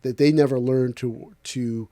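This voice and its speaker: A man, an aikido instructor, in a casual podcast talk, telling lively stories and acting out other people's lines. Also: mid-range voice, unhurried, dry recording. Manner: animated storyteller acting out other people's voices.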